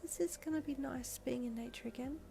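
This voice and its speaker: A woman voicing a sweet, shy young fairy girl in a high, soft, breathy voice. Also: fairly quick, faint music behind. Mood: dreamy.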